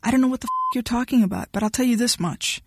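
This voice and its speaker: A woman's voice: a little high, quick pace, background noise, natural voice. A woman reading the part of a blunt, impatient young woman who talks sharply and dismissively. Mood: furious.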